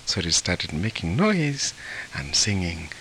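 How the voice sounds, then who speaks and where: A man from Africa tells a folktale in an interview, chuckling and often repeating words. His fairly low voice swings widely in pitch, with a bright, forceful edge. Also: very animated, slow pace, a little hiss or hum. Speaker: author and translator of folktales. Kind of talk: storytelling in an interview.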